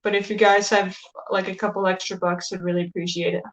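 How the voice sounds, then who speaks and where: Female co-host, playful and teasing, average pitch, casual chat. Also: little pitch movement, fast, poor audio. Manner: teasing, joking. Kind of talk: casual movie review chat.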